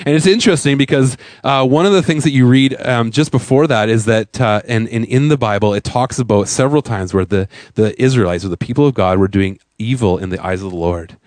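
A man's voice: medium pitch, a little fast, hardly any pauses, darkish tone, no echo. A man, a pastor, preaching a sermon in a conversational way, full of fillers and rhetorical questions. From Canada.

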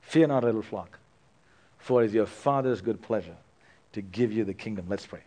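A man preaching a sermon as pastor, swinging between loud emphatic passages and a hushed, quiet close. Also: on the low side, moderate pace, long pauses.

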